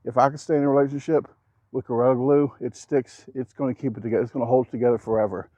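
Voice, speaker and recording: A man talking casually to camera while building outdoors, rambling and cracking jokes, keeping his naturally loud voice down. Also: mid-range voice, fairly even intonation, very fast, no room sound, muffled recording. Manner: joking, rambling, self-deprecating asides. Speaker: vlogger. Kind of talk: casual vlog talk to camera. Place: outdoors at a backyard building site. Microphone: action camera.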